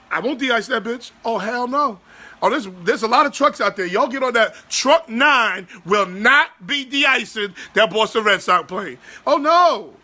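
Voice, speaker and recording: A man in his forties hosting a sports podcast, ranting loudly and profanely in exasperation. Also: high-pitched. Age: 40s.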